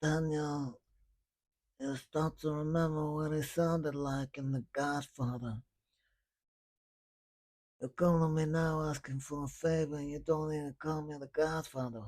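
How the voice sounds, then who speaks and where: A man doing an impression of an older fifties mob boss, with a choked, raspy voice and a slow, heavy, mumbling delivery. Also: on the high side, level tone, a little mellow, voice pushed up, close to an everyday voice. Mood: menacing.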